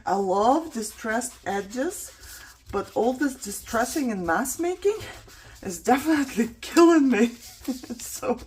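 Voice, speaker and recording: A woman vlogger works on a craft project, chatting casually to herself and her viewers and joking in a self-mocking way about how tired she is. Her voice is a little high and expressive, slow, with a darkish tone.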